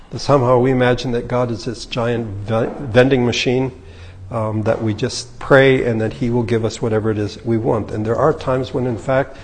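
A man preaching a sermon, retelling scripture in a relaxed, conversational way. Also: mid-range voice, breathy edge, long reverb tail. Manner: conversational, paraphrasing scripture in casual speech. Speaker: pastor.

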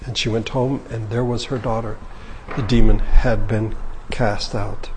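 A man preaching a sermon, retelling scripture in a relaxed, conversational way. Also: lowish voice, unhurried, in a large hall, slight background noise. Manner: conversational, paraphrasing scripture in casual speech. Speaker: pastor.

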